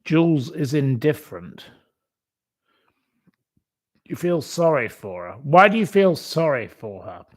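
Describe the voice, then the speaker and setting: A man's voice: fairly high pitch, sing-song, unhurried, pauses often. A man hosting a live stream, rambling and scornfully insulting the people he talks about.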